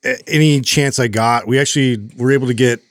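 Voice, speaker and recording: A man co-hosting a podcast, telling a long story in a casual, rambling way with many fillers and animated retellings. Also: medium pitch, a little fast, no room sound, clean studio sound. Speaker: podcast co-host.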